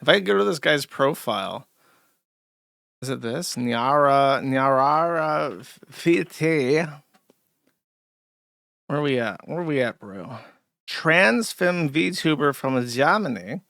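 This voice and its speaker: Male stream host, gravelly voice, dry sound, sardonic rambler. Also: on the high side, expressive, slow, long pauses, a bit bright, dry recording. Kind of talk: casual live-stream commentary.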